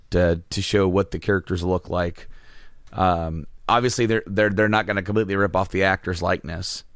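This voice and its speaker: Low-pitched and captured in clean studio audio without echo, this man co-hosts a relaxed conversation. Animated as he spins his stories, he laughs frequently and performs the quotes.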